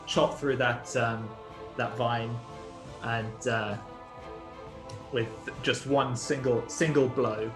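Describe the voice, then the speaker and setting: A man running a tabletop game as game master, describing the scene in a halting way with many fillers and restarts. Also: medium pitch, fairly even intonation, echoey room, over music. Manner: hesitant, full of ums and restarts.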